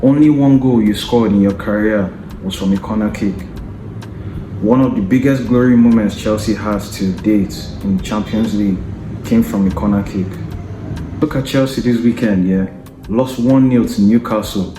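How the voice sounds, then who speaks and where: A combative man hosting a football show, mocking rival fans in a fairly low, mellow voice. He keeps jabbing questions at the listener. The room around him is echoey, with a faint hum of ambience behind. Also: moderate pace. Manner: taunting, combative, repeats tag questions like "yeah?" and "you understand?". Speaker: football podcast host. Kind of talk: opinionated football rant.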